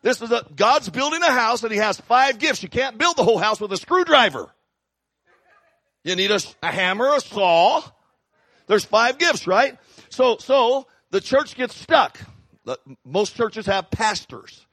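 Middle-aged male pastor, humorous animated sermon, high voice. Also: a little slow, dry recording.

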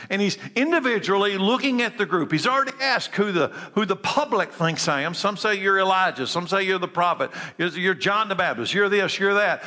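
A man delivers a sermon in a high, bright, forceful voice. He drops to hushed, slow phrases and then climbs back to emphatic questions, repeating his main lines. The sound rings with a long hall reverb. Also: lively intonation. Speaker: preacher.

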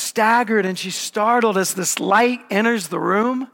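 A man preaching a sermon, telling the story in a casual, conversational way with lively asides. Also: high-pitched, a little slow, gravelly. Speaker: pastor. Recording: long hall reverb.

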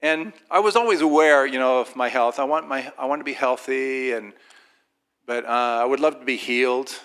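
A man's voice: medium pitch, moderate pace, fairly bright tone, clear, resonant tone. A man giving an informal Christian testimony, telling his story with animation and acting out other people's voices. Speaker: Christian speaker sharing a personal testimony.

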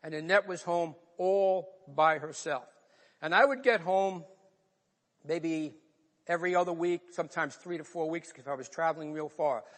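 A man's voice: a little high, normal speed, fairly bright tone. An older man with a New York accent, a pastor preaching a sermon and telling a personal story in an earnest, emotional way. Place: church sanctuary. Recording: long reverb of a large hall.

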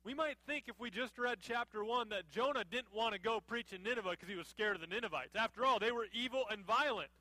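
A man's voice: sits high, quick pace, hardly any pauses, pushed and bright, no room sound, low-quality recording. A man preaching a sermon in a conversational way, asking the congregation rhetorical questions. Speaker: pastor.

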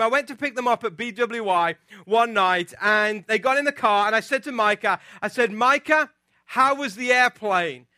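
A man with a bright, high voice preaches to his congregation, telling a personal story with lively, animated energy. His voice sounds close and dry, with little room around it. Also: dry recording. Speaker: pastor. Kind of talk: sermon with storytelling.

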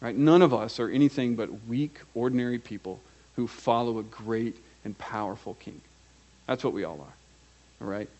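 A man's voice: normal speed, muffled recording. Male pastor delivering a sermon, earnest and direct, mid-range voice. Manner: earnest, direct address with frequent "right?" check-ins; swings from emphatic raised delivery to quiet, low asides.

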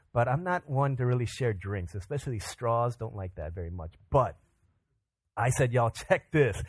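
A young adult male pastor telling a personal story in a sermon, acting out quotes with lively energy. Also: on the high side, no echo. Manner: animated storyteller, acts out quotes.

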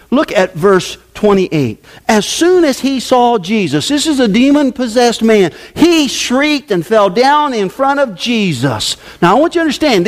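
Pastor, male, mid-sermon: emphatic preaching that leaps high and drops low, in a big echoing sanctuary. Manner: emphatic, preaching with sweeping pitch swings. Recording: long hall reverb.

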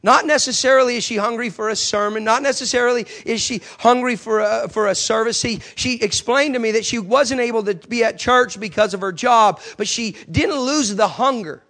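A man with a notably high speaking voice delivers a sermon built around a personal story. He leans on emphatic repetition as he preaches. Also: a little fast, hardly any pauses, sharp tone.

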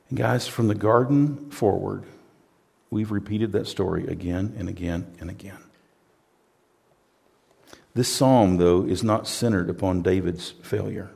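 A man preaching a sermon as pastor, dropping to hushed tones and then building to loud, emphatic, repeated phrases. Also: on the low side, slow, vocal fry, long pauses, husky.

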